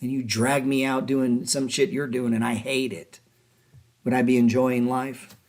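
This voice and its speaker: A man's voice: medium pitch, little pitch movement, darkish tone. Guy ranting on his trading show, cussing, mocking, firing off questions. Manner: profane, mocking, rapid rhetorical questions. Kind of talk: heated casual rant.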